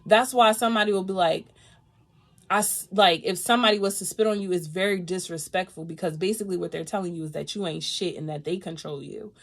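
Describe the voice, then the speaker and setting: A woman doing a live tarot reading, talking in a lively, casual way, swearing freely and laughing often. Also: lowish voice, fast talker. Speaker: tarot reader.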